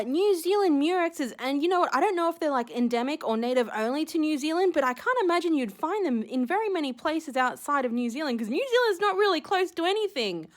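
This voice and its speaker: A young woman unboxing seashells on her vlog, gushing and giddy, gasping with delight. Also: high-pitched. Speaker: shell collector unboxing a gift.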